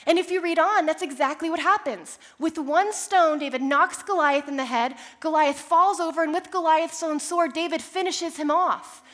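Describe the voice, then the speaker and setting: A woman's voice: extremely high pitch, normal speed, few pauses, fairly bright tone. A woman preaching a sermon, telling Bible stories in a conversational way and building to passionate, repeated declarations. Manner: storytelling, conversational asides.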